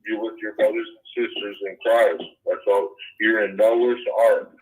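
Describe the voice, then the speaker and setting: A man's voice: on the low side, level tone, a little slow, husky. A man on a phone call, preaching, then swearing and ranting with many restarts. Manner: preachy and profane, rambling with restarts. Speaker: caller. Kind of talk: heated phone conversation. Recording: muffled phone-line audio.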